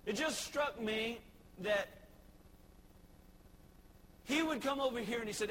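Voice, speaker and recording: A man's voice: very high voice, takes it slowly, pauses often, fairly bright tone, poor audio. A man with a Texan accent, a pastor giving an evening sermon in a church, telling a story conversationally with many fillers. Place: church sanctuary. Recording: clear background noise.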